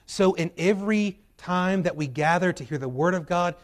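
A man preaches from the pulpit of a church, his voice set a little high for a man. His delivery is emphatic, climbing to loud, urgent peaks and then falling back to quiet, low drops. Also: normal speed. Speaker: pastor. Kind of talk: sermon. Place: church sanctuary.

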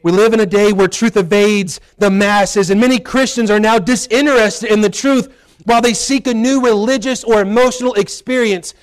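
A pastor preaching a folksy sermon in church, with quoted asides and a prayer. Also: male voice, high voice, fairly even intonation, normal speed, clean tone. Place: church sanctuary.

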